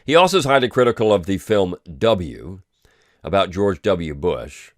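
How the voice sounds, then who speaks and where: Deep-voiced man in dry casual commentary. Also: expressive, normal speed, dry recording. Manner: loose and conversational, with frequent ums and restarts. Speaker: host of a weekly review podcast.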